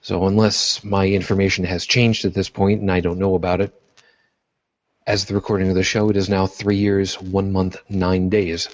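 A man hosting a podcast in casual chat, joking and self-deprecating as he rambles. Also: sits low. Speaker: podcast host. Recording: dull lo-fi podcast audio.

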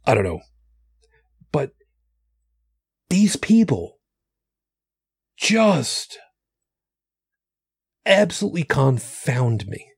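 Husky-voiced man ranting casually. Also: mid-range voice, big pitch swings, drawn-out words, pauses often, dry recording, clean studio sound. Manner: rambling, profane, many restarts. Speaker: podcast co-host. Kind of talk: casual chat.

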